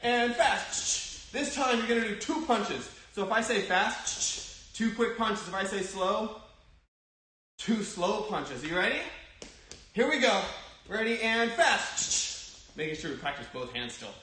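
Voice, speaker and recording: A man's voice: high voice, lively intonation, moderate pace, sharp tone. Upbeat man calling punch drills. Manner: upbeat, encouraging, calls out drill commands. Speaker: martial arts instructor. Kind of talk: kids' online martial arts class. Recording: very echoey room.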